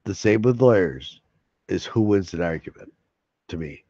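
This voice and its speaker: A man's voice: sits low, animated, normal speed, mellow, no room sound. Rambling, jokey livestream host man. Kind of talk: casual live stream chat. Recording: dull lo-fi stream audio.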